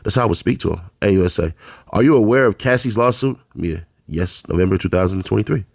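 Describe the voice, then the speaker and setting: A man's voice: sits low, fast, gravelly, dry recording, studio quality. A man reading a trial transcript aloud, announcing each speaker's label before their lines in a plain read-aloud manner. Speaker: channel host reading court testimony.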